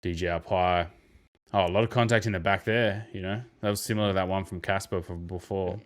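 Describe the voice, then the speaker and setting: A young man hosting a podcast, casually breaking down basketball footage, animated and given to exclamations. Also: sits low, a little fast. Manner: animated, bursts into loud mimicry and exclamations. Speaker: podcast host.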